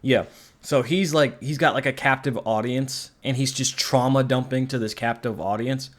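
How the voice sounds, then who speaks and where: A man's voice: mid-range voice, fairly even intonation, normal speed. A man giving a casual spoken film review, rambling and sarcastic, swearing casually. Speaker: movie reviewer.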